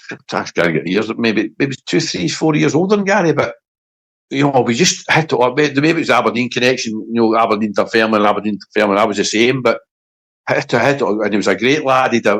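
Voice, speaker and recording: A middle-aged Scottish man, a former footballer, telling a story in casual interview chat, halting and repeating words as he gets emotional. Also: medium pitch, fairly bright tone, slightly rough, rough recording. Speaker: former footballer, podcast guest.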